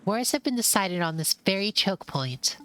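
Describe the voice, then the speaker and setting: A woman's voice: medium pitch, big pitch swings, normal speed, a bit bright, pitched above the performer's own voice. A woman voicing a polite, well-read young mouse adventurer, reading game dialogue aloud in an earnest, informative way.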